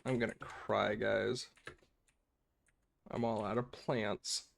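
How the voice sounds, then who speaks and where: A man's voice: fairly low pitch, flat delivery, slow pace, gravelly. A young man doing let's play commentary, joking goofily and reading game text aloud. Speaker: gaming video creator.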